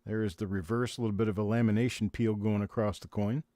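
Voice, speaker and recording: A man running a live coin auction, chanting bid after bid in quick repeated calls and pausing to explain the coins. His voice is low and mellow, recorded close and dry with no room sound. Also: fairly even intonation, no room sound. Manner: rapid repetitive auction calling of bids. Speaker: auctioneer host.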